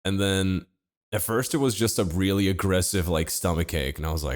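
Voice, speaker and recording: Young adult man, very low voice, deadpan comic storyteller on a podcast. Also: a little fast. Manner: deadpan, laid-back storytelling with wry asides. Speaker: podcast co-host. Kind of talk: casual comedic storytelling.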